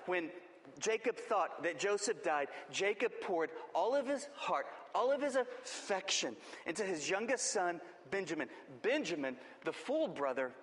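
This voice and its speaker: A man preaching a sermon, telling the story dramatically and acting out the quoted lines, swinging between booming and hushed. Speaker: pastor. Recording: long hall reverb.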